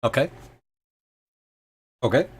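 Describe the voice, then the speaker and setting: A man narrating a tabletop game as game master, in a loose, hesitant way full of ums and filler words. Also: takes it slowly.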